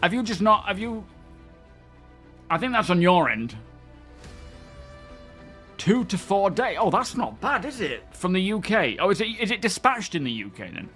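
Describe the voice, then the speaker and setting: A man's voice: high-pitched, sing-song, moderate pace, pauses often, fairly bright tone, faint music behind. A young man streaming a game, chatting casually and greeting his viewers by name. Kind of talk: casual live-stream chat.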